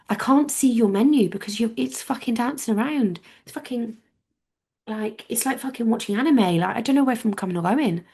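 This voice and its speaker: A woman's voice: mid-range voice, gravelly, a little mellow, husky. A young woman hosting a podcast, ranting in an exasperated way and swearing often. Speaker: podcast host. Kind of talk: solo podcast rant.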